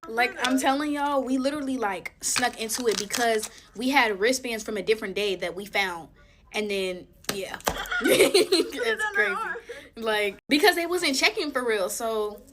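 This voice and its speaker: A young woman chatting casually and telling a storytime while making slime, talking in an emphatic, animated way. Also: on the high side, normal speed. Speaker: storytime vlogger. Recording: noticeable background noise.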